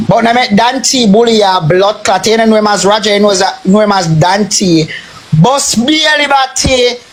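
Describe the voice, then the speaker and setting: High-voiced Jamaican man ranting hotly. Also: fairly bright tone. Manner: heated, repetitive, heavy swearing. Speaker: social media live streamer. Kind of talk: angry live-stream rant.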